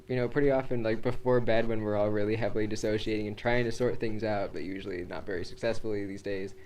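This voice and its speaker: Rambling, relaxed man co-host. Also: fairly low pitch, rough recording. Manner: relaxed, rambling, uses "like" and "uh" a lot. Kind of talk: casual chat. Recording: faint background noise.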